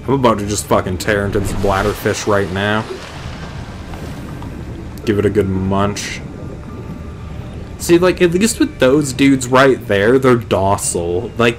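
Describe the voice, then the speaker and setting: Late at night at home, a young man hosting a gaming video rambles through casual gameplay commentary that's profane and full of jokes. His lowish voice moves unhurriedly with long pauses, over soft background music.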